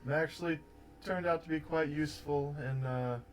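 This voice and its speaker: A man's voice: on the high side, normal speed, slight background noise, rough recording. A man as a player in a tabletop game, describing his character's actions in a plain, matter-of-fact way. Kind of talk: tabletop role-play.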